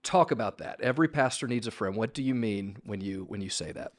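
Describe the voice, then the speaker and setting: Soft-spoken affirming male interviewer. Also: lowish voice, a little fast. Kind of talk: interview questions.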